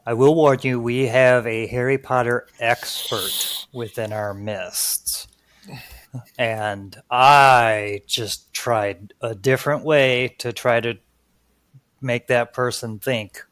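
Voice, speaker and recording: Male quiz host, teasing and playful, mid pitch, dry close sound. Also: steady tone, slow, a bit bright, clean tone, no echo. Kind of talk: hosting a trivia game podcast.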